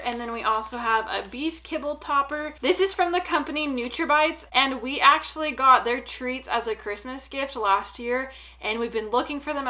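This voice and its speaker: A woman's voice: high-pitched, bright, forceful tone. A young woman chatting casually at home while unboxing packages for her dogs, upbeat and full of "like" and "um". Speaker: pet vlogger. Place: home, indoors.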